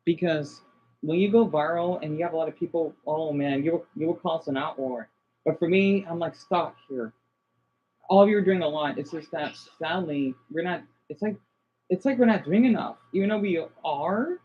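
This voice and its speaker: A man's voice: fairly high pitch, normal speed, slightly rough. A man talks to his livestream chat in a loose, casual way, agitated and swearing often. The audio is dull and lo-fi.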